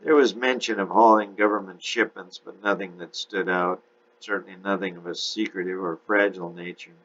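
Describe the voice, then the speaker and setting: A man's voice: sits low, a bit bright. A man steadily narrating an audiobook chapter in a dull lo-fi recording.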